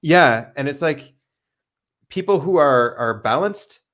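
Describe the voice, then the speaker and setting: A man's voice: a little high, slow. A man hosting a casual interview, talking loosely with lots of fillers. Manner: relaxed, loose, many fillers like "like" and "right".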